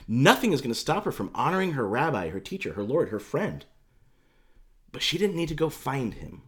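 A man's voice: medium pitch, sing-song, moderate pace. A man preaching a sermon as pastor, telling the story in a conversational, emphatic way with casual fillers.

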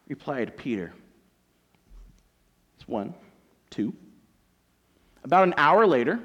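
Animated man preaching a sermon. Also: mid-range voice, normal speed, long pauses. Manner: animated storytelling, acting out voices. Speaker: pastor.

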